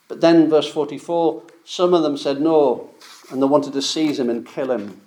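A man's voice: on the high side, normal speed, darkish tone. A man preaching an emphatic, confrontational sermon.

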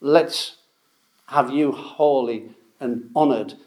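A man's voice: medium pitch, slow, a little mellow. A man preaching a sermon, emphatic and repeating key phrases for stress.

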